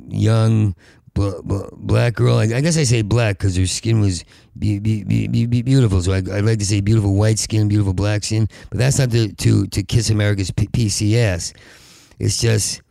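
A man hosting a podcast in a rambling monologue, with a heavy stutter that repeats syllables, and at times rising to a loud urgent plea. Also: fairly low pitch, steady tone, moderate pace, gravelly, dry recording, studio quality. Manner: rises to loud urgent pleading. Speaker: podcast host.

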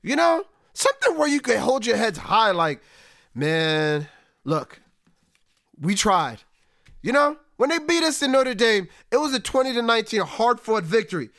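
A man hosting a solo sports podcast, talking animatedly and swinging between excited highs and low, resigned asides. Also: brisk, few pauses, no room sound, studio quality. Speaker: podcast host.

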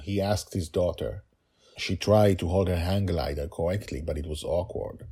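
A man, the author, reading his own story podcast with hurried, chatty asides. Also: deep voice, warm tone, slightly rough. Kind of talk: storybook narration with casual asides.

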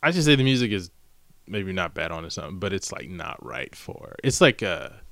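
A middle-aged man chatting on a podcast, his low voice bright and forward in a dry, close recording. He rambles through his stories and slips into acted-out quotes. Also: sing-song, normal speed, creaky, no room sound. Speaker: podcast co-host. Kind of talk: casual chat.

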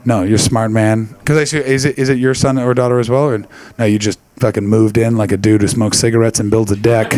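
A man's voice: on the low side, level tone, a little fast, few pauses, darkish tone. A man in his late twenties doing stand-up crowd work, brash, profane and teasing. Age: late 20s. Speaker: stand-up comedian.

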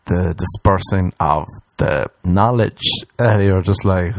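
A man from Ireland with an Irish accent, doing a crude comedic monologue that rambles and jumps into silly squeaky voices. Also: slow pace, few pauses, dry recording, studio quality.

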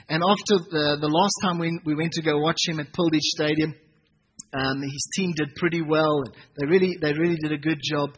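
A man in his thirties, a pastor preaching a sermon and telling family stories with lively, acted-out dialogue. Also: a little high, brisk, slight background noise, rough recording. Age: 30s. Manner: animated storytelling, acting out family dialogue.

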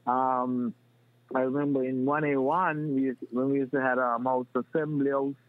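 A man's voice: mid-range voice, normal speed, dry recording. Man on a tinny line. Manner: animated, restarts often, breaks into impressions. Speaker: guest. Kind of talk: casual storytelling. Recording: dry, tinny phone-like sound.

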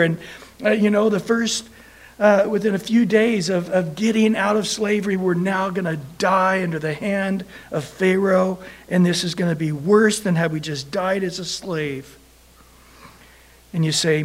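High-voiced man preaching a lively sermon. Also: a little slow. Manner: animated storytelling, acts out quoted voices.

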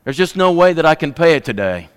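Brief: dignified mourning widow, man voicing her, smooth and steady. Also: a little high, quick pace, big-room sound, voice pushed up. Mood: grieving. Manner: firm, grieving.

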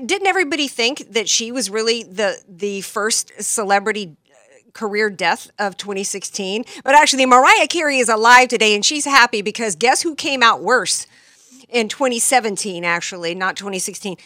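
A woman's voice: on the high side, animated, moderate pace, bright, forceful tone, dry recording, clean studio sound. A woman hosting a talk show, delivering a sarcastic, combative political monologue full of rhetorical questions.

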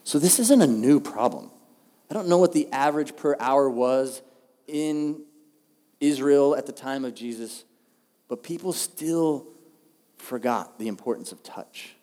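A male pastor, preaching a sermon in a relaxed, conversational, humorous way. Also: mid-range voice, measured pace. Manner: conversational, humorous, animated storytelling. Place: church auditorium. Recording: long hall reverb.

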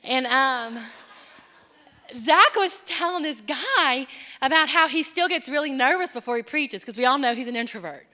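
A woman preaching a sermon in a church, impassioned, moving between hushed, quiet passages and emphatic, building lines. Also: sits high, expressive, moderate pace, in a large hall. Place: church sanctuary.

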